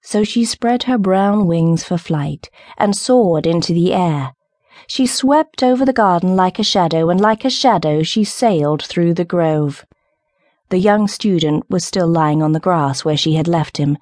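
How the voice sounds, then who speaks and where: Calm woman reading a storybook. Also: fairly low pitch, a little slow, no room sound, studio quality. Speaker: audiobook narrator. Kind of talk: scripted storybook narration.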